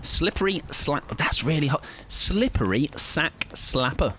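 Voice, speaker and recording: A man's voice: fairly high pitch, expressive, unhurried, a bit bright, a little hiss or hum. A young man streaming a game live, chatting to viewers in a playful, rambling, jokey way. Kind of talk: casual live-stream chat while gaming.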